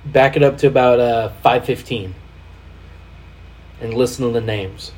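A man hosting a casual podcast chat, animated, swearing freely and laughing while he directs the video playback. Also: mid-range voice, a little slow. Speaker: podcast host.

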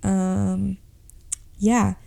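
Slow-talking woman with a gravelly dark voice. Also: mid-range voice, little pitch movement. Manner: laid-back, self-deprecating, slow and drawn out. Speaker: podcast co-host. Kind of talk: casual chat.

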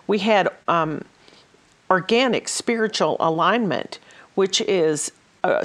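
Earnest, low-voiced woman guest. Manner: earnest, hesitant with frequent ums. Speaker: interview guest, outreach minister. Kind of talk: conversational podcast interview.

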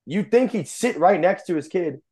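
A man's voice: high voice, expressive, mellow, breathy edge. A young man co-hosting a casual sports podcast, exasperated and profane as he rants. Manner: exasperated, profane, quick ranting. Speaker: podcast co-host.

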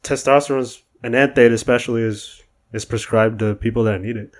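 Young man, monotone, halting delivery with lots of fillers, casual podcast chat. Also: medium pitch. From United States.

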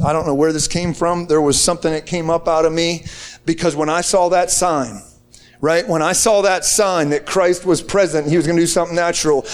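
A man from the United States telling a testimony to a group in an excited, casual way, with slang and many restarts. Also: high voice. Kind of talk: animated storytelling to a group.

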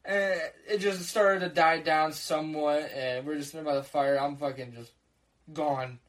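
A man's voice: on the high side, steady tone, normal speed, fairly bright tone, low-quality recording. A young man from co-hosting a podcast, telling a story in casual chat, acting out the quotes and swearing freely.

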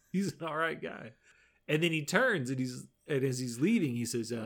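With vocal fry, long pauses and a fairly bright mid-range voice, a man co-hosting a podcast chats at a moderate pace. Relaxed and quick to laugh, he recaps a show episode by retelling scenes and quoting what the characters said.

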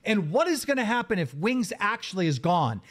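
A man's voice: high voice, big pitch swings, a little fast, a bit bright. A man hosting a live podcast stream, ranting in exasperation and swearing emphatically. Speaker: podcast host. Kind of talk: heated live-stream rant.

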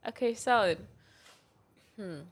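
A woman's voice: a little high, slow, husky. A woman as a podcast guest in casual chat, playful and teasing, swearing freely.

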